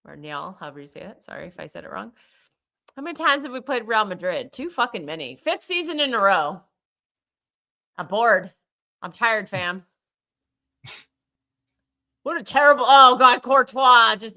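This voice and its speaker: Excitable woman reacting to live football. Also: on the high side, normal speed, pauses often. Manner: excitable, swears freely, reacts to every play. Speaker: livestream co-host watching a football match. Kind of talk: live match watchalong commentary.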